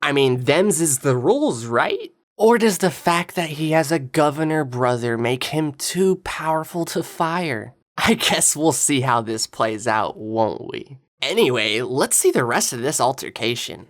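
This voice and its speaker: Low voiced woman doing snarky commentary over clips, big swoopy inflection. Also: a little slow, hardly any pauses. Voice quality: sarcastic, taunting, lively inflection. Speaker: political commentator.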